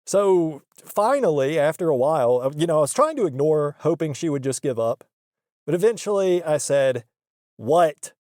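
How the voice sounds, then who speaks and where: A comedic character host rants defensively in a monologue, justifying himself and repeating points insistently for emphasis. His voice is on the high side and a little mellow, with lively intonation and a moderate pace, captured in clean studio sound without echo.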